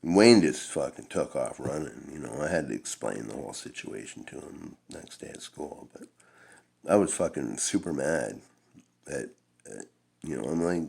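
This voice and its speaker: A man's voice: very deep voice, expressive, normal speed, gravelly, a little mellow, husky. A middle-aged man telling a long-winded, profane personal story in a laid-back, rambling way. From Canada.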